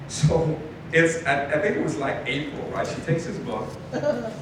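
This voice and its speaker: A man telling a story to an audience, animated, acting out the people in it with laughs. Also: a little high, takes it slowly, long pauses. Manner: animated, acts out quoted voices with laughs. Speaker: speaker telling a business lesson story. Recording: distant mic in a very echoey room with noise.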